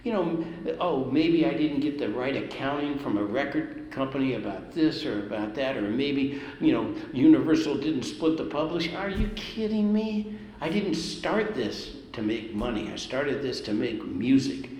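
An older man who composes music, telling lively anecdotes to an audience and jumping up in pitch to stress a point. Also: moderate pace, few pauses, roomy sound, long reverb tail, poor audio. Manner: animated anecdotes, swings up in pitch for emphasis. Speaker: composer, speaker at an event. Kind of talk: storytelling to an audience.

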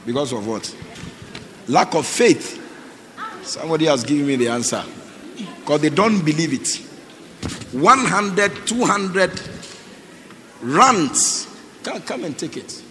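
A man's voice: on the high side, very animated, takes it slowly, long pauses, a bit bright. Man, pastor, church sermon, exhorting, repetitive commands, echoey hall. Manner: exhorting, repeats short commands, quizzes the congregation. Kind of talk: sermon calling for offerings. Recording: echoey hall with faint noise.

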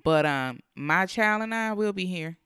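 A woman with a smooth, clear voice talks casually and adds details to a shared story. Her voice sounds close and dry, with no room echo. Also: fairly low pitch, lively intonation, a little slow, a bit bright. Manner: chimes in with frequent affirmations, adds details. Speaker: wife and co-speaker. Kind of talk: casual conversation.

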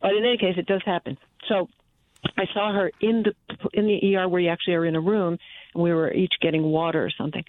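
A woman calling in to a radio show and telling a personal story in an earnest, halting way, often restarting her sentences. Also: on the low side, fairly even intonation. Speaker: caller. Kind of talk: phone-in storytelling. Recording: tinny phone line.

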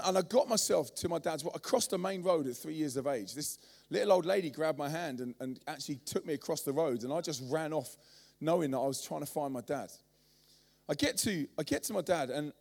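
Animated preacher in his forties. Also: fairly high pitch. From London, England. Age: 40s. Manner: animated storytelling, acting out voices. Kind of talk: sermon.

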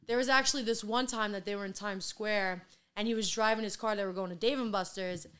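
A woman in her twenties, a guest in a casual conversation, tells stories briskly and chattily, filling her speech with "like". Her mid-range voice is fairly bright, clear and resonant, with fairly even intonation.

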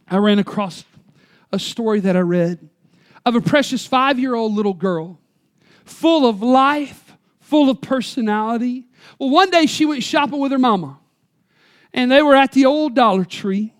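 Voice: medium pitch, clear, resonant tone. Dramatic folksy preacher telling a story. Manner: dramatic, swinging from loud emphasis to quiet near-whispers, slowing on key words. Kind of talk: sermon storytelling.

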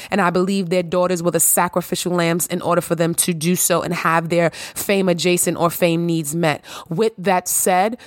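A woman's voice: fairly low pitch, no echo, studio quality. A woman in her thirties hosting her own podcast, talking emphatically in a preachy way and firing off rhetorical questions. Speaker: podcast host. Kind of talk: podcast monologue.

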